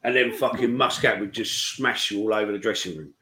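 A man's voice: lowish voice, brisk, pushed and bright, low-quality recording. A man co-hosting a casual football chat show, blunt and sweary. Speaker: podcast co-host.

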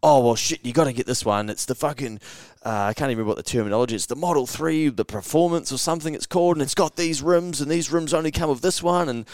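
A man's voice: on the high side, quick pace, hardly any pauses, a little mellow, dry recording, clean studio sound. A young man with a New Zealand accent, casually telling a story on a podcast, swearing freely and acting out quotes with jumps in his voice. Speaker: podcast co-host.

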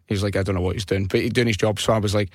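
Sex: man. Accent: Scottish. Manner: lively, cheeky storyteller. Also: fairly low pitch, very fast, no room sound, clean studio sound. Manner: lively anecdote-telling, swears freely, laughs along. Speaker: podcast host. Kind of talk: casual storytelling chat.

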